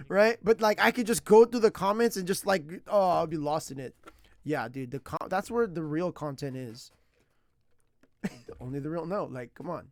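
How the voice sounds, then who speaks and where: A man chatting casually on a stream while learning a language, rambling and excitable, laughing often and using slang. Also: a little high, moderate pace, no echo.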